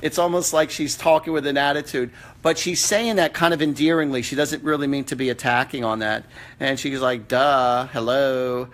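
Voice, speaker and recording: A man hosting a live-stream psychic reading. He answers viewers' questions in an earnest, halting way, with many fillers and restarts. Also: on the high side, fairly bright tone. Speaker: psychic medium host.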